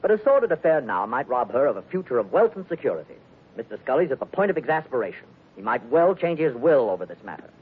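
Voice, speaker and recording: A pompous, fussy doctor. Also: male voice, mid-range voice, very animated, fast talker, husky. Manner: pompous, hesitant with uh's. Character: fussy, smooth-talking male doctor, pompous. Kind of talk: 1940s radio acting. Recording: tinny old radio broadcast.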